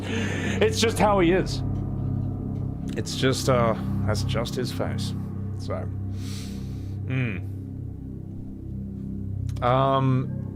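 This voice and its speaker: A young adult man, chatting casually to his stream audience and cooing at his cat. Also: medium pitch. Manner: affectionate baby talk to his cat. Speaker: game streamer.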